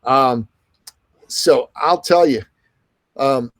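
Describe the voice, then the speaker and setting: With no echo on the recording, a medium-pitched middle-aged man speaks as an interview guest; he's a podcast host and business coach. He rattles through animated stories, quoting and acting out the characters.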